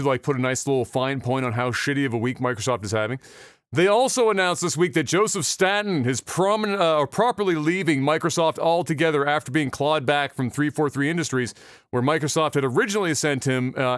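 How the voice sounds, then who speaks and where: A man's voice: a little high, fairly bright tone, smooth, dry recording, studio quality. A man hosting a podcast, telling profane comic stories in casual chat. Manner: profane, storytelling. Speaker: podcast host.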